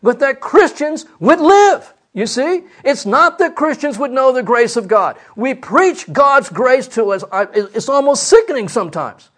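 A man's voice: very high voice, animated, measured pace, few pauses, a bit bright. A man preaching a sermon, emphatic, asking the congregation rhetorical questions.

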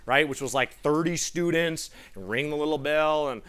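Excitable man preaching a sermon. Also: on the high side, normal speed, clear, resonant tone. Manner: excitable, animated storytelling. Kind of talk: sermon with personal story.

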